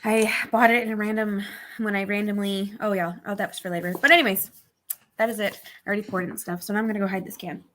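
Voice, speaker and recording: Rich: A woman with a mid-pitched voice rambling casually about her beer on an online panel. She is heard over a video call. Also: fairly even intonation, fast talker, a bit bright, a little hiss or hum. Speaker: panel member.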